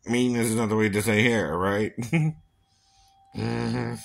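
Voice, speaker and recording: Speaking in a fairly low, creaky voice, a man casually talks about doing impressions, laughing often and finishing his lines with "right?". Every so often he slips into a quick impression or a silly voice.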